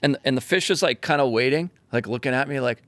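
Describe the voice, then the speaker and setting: A man, a fishing charter captain, telling a story in a casual, animated way, acting out the voices as he goes. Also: medium pitch, fast, no room sound. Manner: animated, acts out voices, swears freely.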